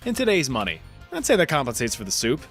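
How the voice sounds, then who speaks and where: A man's voice: mid-range voice, wildly swooping pitch, quick pace, loud music behind the voice. Guy narrating history stuff, scripted, dry jokes, voice bounces around a lot. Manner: wry, jokey storytelling.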